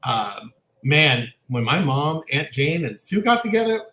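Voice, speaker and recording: A man co-hosting a casual chat show, telling family stories in an animated way and laughing often. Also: a little high, unhurried, roomy sound. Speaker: co-host.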